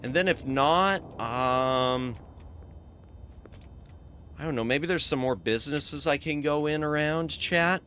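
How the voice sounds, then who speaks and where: A man's voice: a little high, takes it slowly, pauses often, sharp tone, a little hiss or hum. A man streaming a video game as a VTuber, chatting casually, thinking aloud and thanking his chat.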